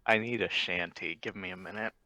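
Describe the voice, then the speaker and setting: A male player in a streamed tabletop game, talking casually with a bright, forceful tone. His voice sounds dry and close to the mic. He giggles sheepishly between questions. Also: low voice, fairly even intonation, brisk, dry recording.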